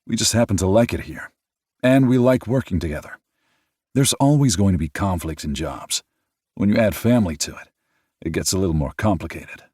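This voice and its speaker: A man voicing a calm, earnest grown man who explains his family. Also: low-pitched, brisk, slightly rough, no echo, clean studio sound, voice pushed up.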